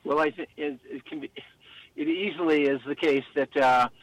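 A man, a priest, speaking as a guest on a radio show, hesitant and halting, with many fillers. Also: a little high, dry recording, poor audio. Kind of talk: radio interview.

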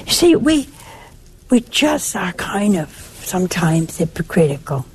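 An older woman giving a sermon in a conversational, lively way, teasing and chiding her listeners affectionately. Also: on the low side, measured pace, breathy edge. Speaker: preacher.

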